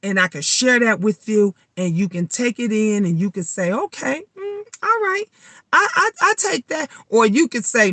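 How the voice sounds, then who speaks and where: A middle-aged woman, vlogging in a blunt, animated monologue full of swearing. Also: fairly high pitch, normal speed, no room sound. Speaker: vlogger and tarot reader. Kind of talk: casual vlog monologue.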